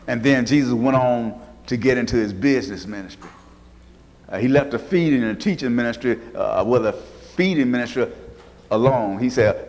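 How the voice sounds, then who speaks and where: Preacher in a reverberant church. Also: male voice, mid-range voice, moderate pace, a little mellow. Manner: folksy storytelling, acting out Bible figures in varied voices. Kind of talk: sermon. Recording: long hall reverb.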